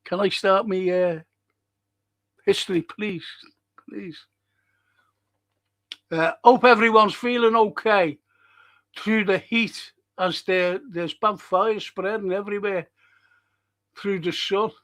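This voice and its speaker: A man's voice: high voice, slow pace, long pauses, a bit bright. A man hosting a live-streamed local history show, chatting casually with viewers, rambling and swearing freely.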